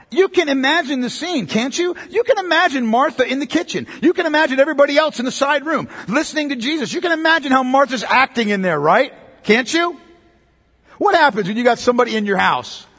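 A man's voice: sits high, fairly bright tone, breathy edge, in a large hall. A pastor preaching a sermon, driving his points home through repetition and rhetorical questions.

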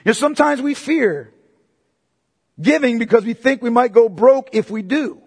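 A man preaching a sermon as pastor, emphatic and repetitive, swinging between loud and hushed delivery. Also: very high voice, expressive, moderate pace, creaky, breathy edge, big-room sound.

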